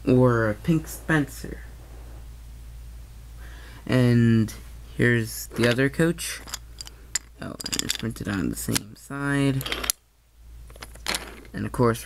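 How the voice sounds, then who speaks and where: A man's voice: mid-range voice, slight background noise. A man giving a casual toy train review, hesitant and often correcting himself mid-sentence.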